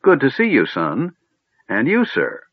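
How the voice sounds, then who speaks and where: A man's voice: mid-range voice, huge pitch swings, measured pace, breathy edge, no echo, pitched above the performer's own voice, heavily acted. A man voicing a befuddled old male wizard, stern yet doddering, who swings from stern to absent-minded chatter. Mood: cheery. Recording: narrow phone-like sound.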